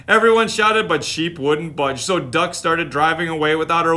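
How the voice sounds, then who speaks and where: A man's voice: fairly high pitch, moderate pace, sharp tone. A man reading a picture book aloud on a live stream, playful, with chatty asides to his viewers. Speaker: storytime reader.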